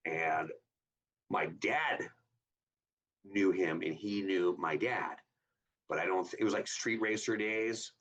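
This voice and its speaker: A man's voice: sits low, takes it slowly, pauses often. A man in his fifties from Southern California, a guest on an interview telling stories and acting out the voices of the people in them. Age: 50s. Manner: animated storyteller who acts out quoted dialogue in a raised voice. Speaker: guest, hot rod builder. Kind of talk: casual interview storytelling. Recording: slightly distant, dull lo-fi sound.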